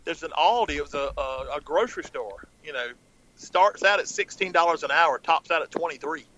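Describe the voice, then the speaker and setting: Man, podcast co-host, animated storyteller, high bright voice, dull lo-fi sound. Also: brisk. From Southern US. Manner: animated storyteller, laughing often. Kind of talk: casual storytelling chat.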